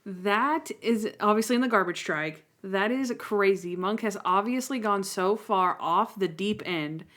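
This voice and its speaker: A woman's voice: mid-range voice, measured pace, a bit bright. A woman co-hosting a podcast in casual chat, rambling through recaps of scenes and quoting lines as she goes. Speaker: podcast co-host.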